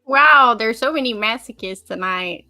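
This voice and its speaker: A woman guest in a casual talk show chat, animated and playfully protesting. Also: fairly high pitch, normal speed. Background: faint background music.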